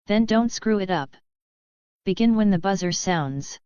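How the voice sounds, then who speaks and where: A woman reading a gruff, weary mentor barking rules. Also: medium pitch, lively intonation, unhurried, mellow, dry recording, muffled recording, lightly acted. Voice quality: rough, growling. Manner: clipped, dropping word endings. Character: gruff weary male mentor, growling orders.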